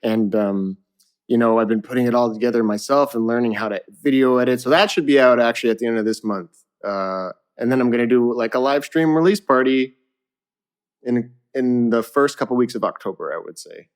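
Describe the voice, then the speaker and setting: A young man from Canada, a musician guest in a casual interview, telling animated stories with frequent laughter and casual swearing. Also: mid-range voice, fairly quick.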